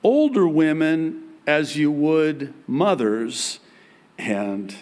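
A pastor in his forties preaching a sermon in a church, emphatic and joking, with big swings in pitch. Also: animated, unhurried, pauses often, a little mellow.

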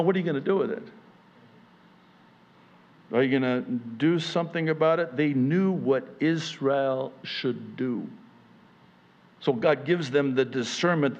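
A man preaching a sermon in an animated way, acting out voices and joking about himself. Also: medium pitch, gravelly, highs cut off. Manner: animated, acts out voices, self-deprecating jokes. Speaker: pastor.

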